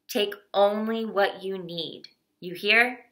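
A woman reading the part of a blunt, streetwise teenage boy in a storybook, with a low, quiet, clipped delivery. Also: slow pace. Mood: grim.

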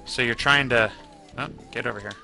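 A man's voice: mid-range voice, brisk, vocal fry, bright, forceful tone. A man in his twenties giving casual, rambling gameplay commentary, grumbling at the game and joking at his own expense. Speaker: let's play host. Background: faint game music.

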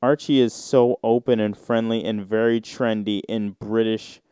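Slow, mellow-voiced man riffing solo. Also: fairly low pitch, fairly even intonation, clean tone, dry recording, clean studio sound. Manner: rambling, reads search results aloud and riffs on them; slow, drawn-out delivery with sudden mocking outbursts. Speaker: podcast host. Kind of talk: casual solo podcast chat.

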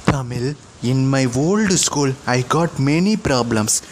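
A man's voice: mid-range voice, animated, slow, noisy background. A man voicing an earnest boy who apologizes and recounts his lonely school days. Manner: plain, earnest storytelling voice. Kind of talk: storybook drama.

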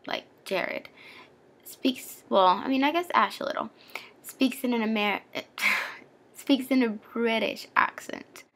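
A woman's voice: a little high, vocal fry, a bit bright. A young woman chatting casually in a book vlog, gushing and playful as she recommends a favorite novel. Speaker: book vlogger.

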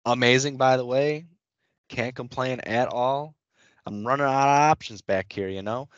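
A man's voice: medium pitch, moderate pace, dry recording, muffled recording. Laid-back podcast co-host man. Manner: laid-back, agreeable, trails off mid-thought. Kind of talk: casual chat.

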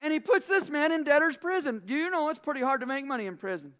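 A man's voice: very high-pitched, animated, quick pace, pushed and bright. A male pastor, preaching a sermon with passion and repeating phrases for emphasis.

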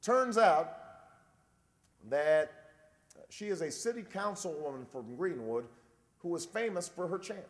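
A man in his forties giving a campaign speech, telling a dry, wry story and then building to a shouted rallying close. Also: sits high, animated, measured pace, long pauses. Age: 40s. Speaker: presidential candidate. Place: large convention hall. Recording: long reverb of a big convention hall.

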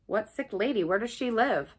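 A woman voicing a brusque, impatient gentleman master of the house who fires off curt questions, in an audiobook reading. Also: fairly high pitch, animated, moderate pace, husky.

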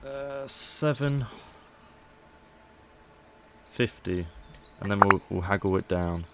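Man, lowish voice, chatty gameplay commentary, playful, faint hiss. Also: level tone, moderate pace. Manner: chatty, playful, haggling asides. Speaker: gaming YouTuber.

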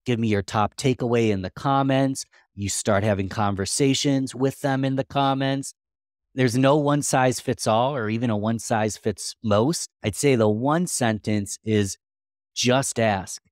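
A man's voice: mid-range voice, unhurried, dry recording, clean studio sound. Earnest man giving practical advice. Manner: earnest, practical, thinks aloud. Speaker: podcast guest. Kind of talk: conversational interview answers.

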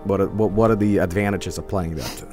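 Low and steady in tone, a weary streamer keeps up brisk, casual gameplay commentary. He meanders while reading on-screen text aloud, with game music playing underneath.

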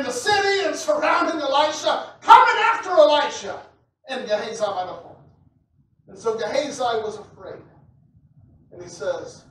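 Preacher shouting in an echoey church. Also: male voice, very high-pitched. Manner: builds to loud shouting passages, repeats words, chuckles. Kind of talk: sermon. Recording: echoey church hall from a distant mic with faint noise.

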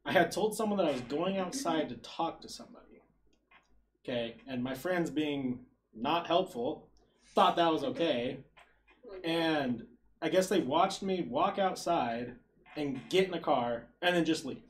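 Man telling a rambling story, slightly high voice. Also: a little slow, a little hiss or hum. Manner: rambling, self-deprecating, laughs through his story. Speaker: podcast co-host. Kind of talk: casual storytelling among friends.

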